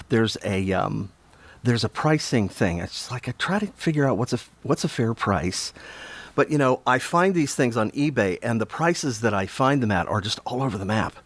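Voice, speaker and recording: A man's voice: mid-range voice, expressive, moderate pace, no echo. A slightly out-of-breath man hosting a casual livestream, chatting with viewers, greeting them by name and chuckling often. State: a little out of breath. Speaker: livestream autograph-signing host.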